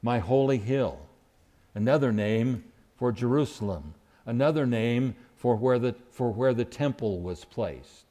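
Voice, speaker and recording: A man's voice: mid-range voice, lively intonation, unhurried, warm tone. A man preaching a sermon who acts out quoted lines with sudden rises and dips in his voice.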